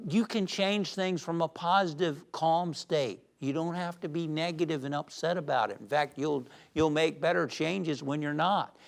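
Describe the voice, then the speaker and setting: A man giving an uplifting sermon as a spiritual teacher, animated and shifting between loud emphasis and soft calm, who tells jokes. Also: on the high side, normal speed, vocal fry, hardly any pauses. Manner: tells jokes with acted voices.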